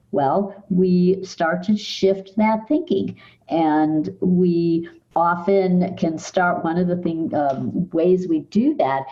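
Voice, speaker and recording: An older woman psychologist, a podcast guest, calmly guiding listeners through mind-body exercises. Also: lowish voice, lo-fi sound. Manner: calm, measured, guides listener through exercises. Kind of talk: podcast interview, explaining techniques.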